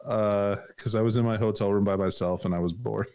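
Male podcast co-host, low voice, loose rambling delivery full of ums, laughs easily. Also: fairly even intonation, a little fast, darkish tone, clear, resonant tone. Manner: rambling, laughs often, many fillers. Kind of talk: casual chat.

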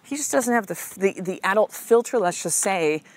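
A woman's voice: mid-range voice, expressive, normal speed, slight background noise. A woman life coach hosting a motivational podcast, talking casually and emphatically, full of "like" and "right?" and the odd swear word, calling her listener "sister.". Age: adult mother of a six-year-old. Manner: casual, chatty, frequent "like" and "right?", swears freely.

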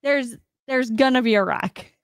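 A woman's voice: on the high side, unhurried, clean tone, no echo, studio quality. A woman racing driver guest on a live race-watching stream, speaking casually with many fillers. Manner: casual, uses "like" a lot.

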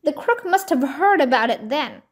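A woman's voice: high-pitched, expressive, moderate pace. A woman reading as a worried boy. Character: boy Lucky, worried older brother.

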